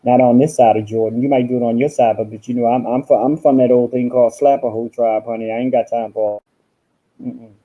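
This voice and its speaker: A man's voice: mid-range voice, fairly even intonation, a little fast, highs cut off. A man hosting a casual livestream from home, talking in a sassy, profane way and calling his listeners honey and girl. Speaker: livestream host.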